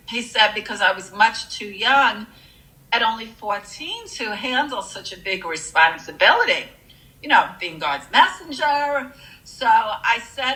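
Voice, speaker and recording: A woman recounts a deeply personal experience in an earnest, heartfelt way, often pausing on fillers. Her voice is a little high and very bright. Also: expressive, rough recording. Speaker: guest sharing a personal near-death story. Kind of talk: emotional personal storytelling.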